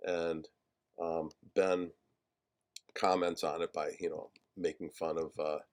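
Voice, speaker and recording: A man teaching a class on a film screenplay, talking haltingly with many fillers and restarts as he searches for page numbers. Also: low-pitched, little pitch movement. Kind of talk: lecture discussing a film screenplay.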